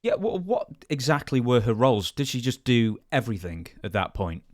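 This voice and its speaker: A man's voice: mid-range voice, big pitch swings, moderate pace, a little mellow, no echo, clean studio sound. A man co-hosting a podcast, asking questions with stammering restarts. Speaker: podcast co-host and interviewer. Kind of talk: casual interview questions.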